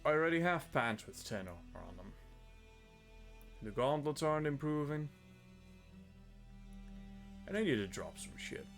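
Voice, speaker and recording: A slightly high voice with big pitch swings moves at a measured pace, broken by long pauses, with faint music behind. It belongs to a Dutch man streaming a game live, joking self-deprecatingly and swearing freely about his inventory.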